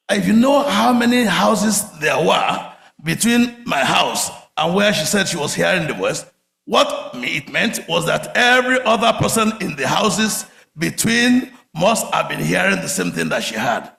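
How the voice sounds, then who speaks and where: A man preaching a sermon, telling stories with big swings from loud outbursts to quiet murmurs. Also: on the high side, unhurried, vocal fry. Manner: animated storytelling, swings from shouts to murmurs. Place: church sanctuary. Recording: echoey church hall.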